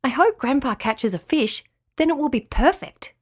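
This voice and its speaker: A woman voicing a young girl on a summer beach holiday, speaking in a bright, dreamy way. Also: sits high, expressive, moderate pace, husky. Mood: content.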